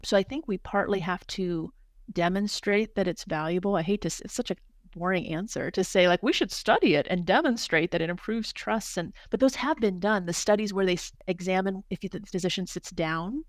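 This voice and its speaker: A woman who is a hospital doctor, speaking as a guest in a podcast interview, talking fast and earnestly, with many restarts and repeated words. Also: lowish voice, dry recording, clean studio sound. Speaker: hospital physician executive, guest.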